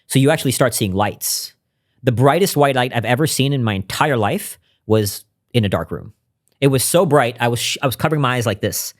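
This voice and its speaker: A man as a podcast guest, telling a personal story in an earnest, reflective way and often dropping to a hushed voice. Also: medium pitch, lively intonation, a little fast. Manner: earnest and reflective, drops to a hushed voice when recounting intimate moments. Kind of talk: conversational interview storytelling.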